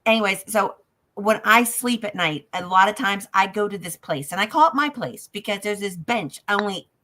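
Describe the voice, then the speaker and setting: Lady sharing a dream story, kinda halting, goes soft and quiet sometimes. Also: mid-range voice, animated, a little hiss or hum. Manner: emotional, halting, soft-spoken at times. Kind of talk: casual storytelling.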